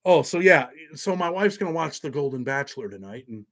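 A man's voice: fairly high pitch, expressive, a little fast, fairly bright tone. A man hosting a casual livestream, rambling and profane, reading viewer donations aloud between prison stories. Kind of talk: casual live chat with viewers.

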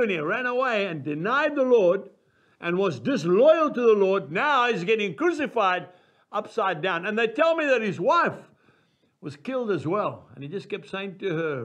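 A man's voice: sits high, fairly bright tone. An older man preaching a sermon, telling stories with animation and acting out the voices of the people he quotes.

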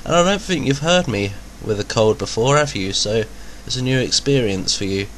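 A gaming video host with a cold chats casually through a let's-play, joking and exclaiming at the game in a slightly nasal voice. His mid-range voice is animated and a bit bright at normal speed, with a little hiss or hum in the recording.

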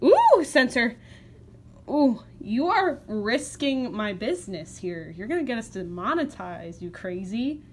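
A young woman vlogs at home and coos at her cat in playful baby talk. Her voice sits a little high. A faint hiss of noise stays in the background. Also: sing-song, a little slow. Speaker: vlogger. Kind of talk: casual home vlog.

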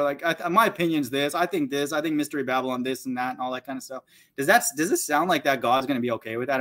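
Talking fast with a sharp, medium-pitched tone, a man running a Bible channel reads passages and scornfully comments on them. He is blunt and insulting toward listeners, peppering his points with "okay."

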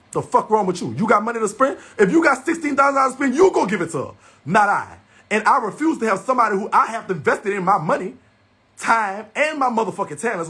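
Husky high-pitched man ranting. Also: fairly bright tone. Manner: heated, repetitive, confrontational. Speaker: livestreamer. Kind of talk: angry profane rant to viewers.

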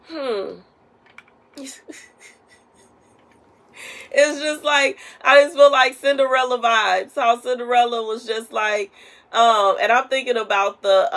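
A woman's voice: mid-range voice, a bit bright. A woman sharing a prophetic message in a casual, rambling way, full of conversational asides. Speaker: prophetic minister.

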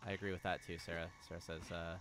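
Low-voiced male game streamer, musing aloud. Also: fast, slight background noise. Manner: relaxed and musing, reading game text with feeling. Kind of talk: livestream commentary with read-aloud game text. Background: game music.

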